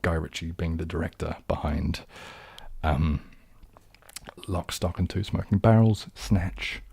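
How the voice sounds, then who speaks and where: Low, dark New Zealand man rambling. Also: unhurried, gravelly, slightly rough, no room sound. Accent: New Zealand, leaning southern English. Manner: rambling and self-deprecating, many ums and restarts. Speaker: ASMR streamer hosting a live chat. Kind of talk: casual live-stream chat.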